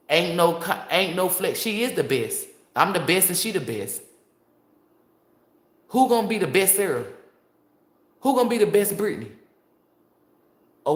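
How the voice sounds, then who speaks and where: Blunt, profane woman in an echoey room. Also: fairly low pitch. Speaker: tarot reader. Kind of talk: casual monologue to viewers.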